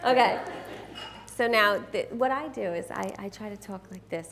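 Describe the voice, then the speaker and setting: A woman's voice: medium pitch, unhurried, fairly bright tone. A woman presenting a live workshop, teasing and directing volunteers in front of an audience. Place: event room with an audience.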